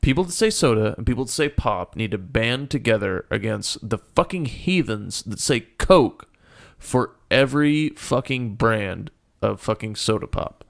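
A man's voice: on the low side, expressive, a little slow, vocal fry. A man co-hosting a casual podcast, ranting heatedly and swearing constantly. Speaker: podcast co-host.

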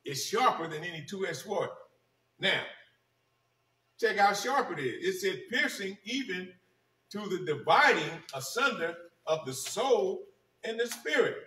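A male pastor preaching a sermon, repeating key phrases with emphasis and slowing down to read scripture. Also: high-pitched, lively intonation, pushed and bright. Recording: echoey room, mic at a distance.

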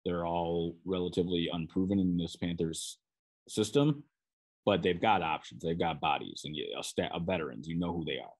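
Deep-voiced Minnesotan man breaking down football. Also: moderate pace, darkish tone. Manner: conversational, with frequent restarts and "you know". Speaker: sports beat writer and podcast host. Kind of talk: solo sports podcast analysis.

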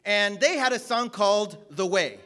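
A man preaching a sermon, energetic and joking, rising to shouts at the peaks. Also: high voice, moderate pace. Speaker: guest preacher.

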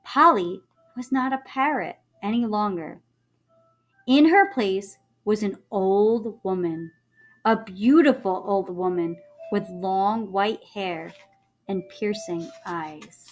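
A woman teacher reads a children's chapter book aloud to her students. She lingers over every line with an expressive, animated delivery and checks in with the class between chapters. A soft wash of music sits faintly underneath. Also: mid-range voice, slow pace.

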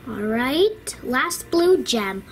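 A delighted little girl toddler , played by a woman chatters in a squeaky, very high voice. She talks slowly, giggling and meowing playfully, in a doll-play cartoon. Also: very animated, background noise, heavily acted. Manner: giggly, coos and meows at her drawing.

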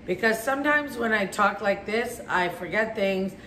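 A woman's voice: mid-range voice, lively intonation, moderate pace, fairly bright tone, slight background noise. A woman talking in a bubbly, gushing, rambling way, often repeating herself, as a home decor vlogger. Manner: rambling, talkative. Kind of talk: casual chatty vlog and voice-over. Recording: roomy echoey room, faint music.

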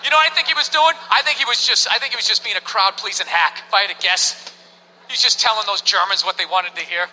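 A man's voice: high-pitched, expressive, brisk, pushed and bright, big-room sound, low-quality recording. A man performing a stand-up comedy set on stage before a live audience, ranting in profane disbelief and firing off rhetorical questions.

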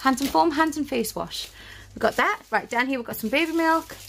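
A woman's voice: high-pitched, brisk, creaky, a bit bright, a little hiss or hum. A young woman, pregnant and out of breath, chatting through a family grocery haul and correcting herself as she goes. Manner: chatty, self-correcting, laughs easily. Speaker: family vlogger. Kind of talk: casual grocery haul chat.

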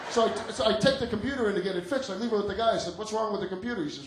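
A man's voice: high voice, racing, hardly any pauses. A male stand-up comedian doing brash, profane crowd work on a comedy club stage. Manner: brash, profane, teasing audience members. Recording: echoey club, noisy crowd recording.

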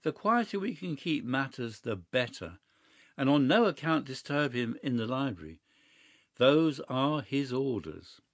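Storybook prankster: unruffled, sly, mid-pitched, by a male narrator. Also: unhurried, no echo. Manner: calm, matter-of-fact, sly. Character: cool mischievous young gentleman prankster.

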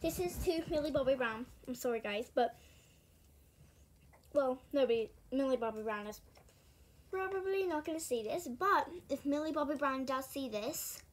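A woman's voice: high voice, expressive, normal speed. A female vlogger talking casually to the camera, rambling, giggling and interrupting herself. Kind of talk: casual home vlog.

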